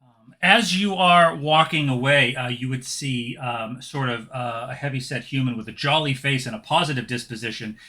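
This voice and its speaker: A man's voice: mid-range voice, moderate pace, sharp tone. A man narrating as game master for a tabletop game, descriptive and hesitant with many fillers.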